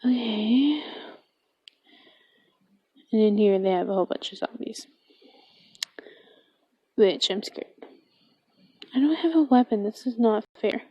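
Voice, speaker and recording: A young woman from Minnesota commenting on her gameplay in a soft-spoken manner, often dropping to a whisper and reading game text aloud. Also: on the high side, takes it slowly, long pauses, breathy edge, no echo, highs cut off. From Minnesota, USA. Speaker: gamer.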